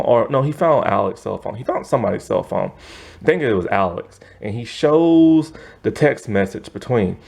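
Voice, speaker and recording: A man's voice: fairly low pitch, creaky, a little mellow. A man recapping a TV series in a casual, rambling way, correcting himself often and acting out the characters' lines. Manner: rambling, self-correcting, acts out quotes with "he's all like". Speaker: TV series reviewer.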